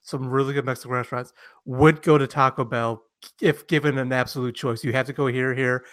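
A man co-hosting a podcast, telling stories animatedly and acting out quotes loudly in casual chat. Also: mid-range voice, steady tone, a little fast, no room sound, studio quality. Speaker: podcast co-host.

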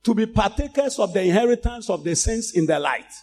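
A male preacher with a Ghanaian accent delivering a sermon, a Twi speaker who swings from calm talk to loud shouted exhortation. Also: high voice, brisk, a little hiss or hum. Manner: switches between English and Twi, rising to shouts.

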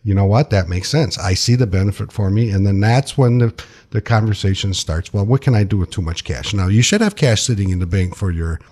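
A man's voice: fairly low pitch, fairly quick, darkish tone, husky. A man talking as a financial advisor guest in casual radio talk, folksy, repeating himself and laughing easily.

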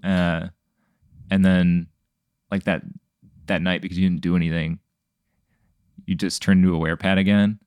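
A man hosting a casual podcast chat, posing a rambling hypothetical with many halting fillers. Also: low voice, level tone, darkish tone, clear, resonant tone, dry recording, clean studio sound.

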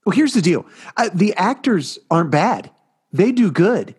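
A middle-aged man co-hosting a casual chat podcast, telling stories in an animated, rambling way. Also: high voice, measured pace, breathy edge. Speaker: podcast co-host.

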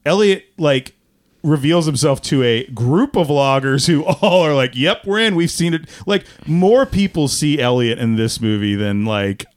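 A man co-hosting a podcast, chatting casually about a movie in a rambling, tangential, animated way. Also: mid-range voice, measured pace, dry recording. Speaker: podcast co-host.

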